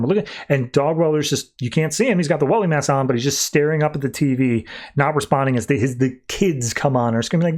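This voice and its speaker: A man on a podcast casually recapping a comic book, acting out the characters' lines in quick shifting voices. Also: a little high. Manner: animated, acts out character quotes in shifting voices. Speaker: podcast host.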